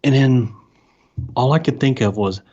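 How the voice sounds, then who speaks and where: A man's voice: medium pitch, measured pace, darkish tone, husky, highs cut off. A man co-hosting a casual podcast, telling a story with dry, blunt punchlines. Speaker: podcast co-host. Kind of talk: casual late-night podcast chat.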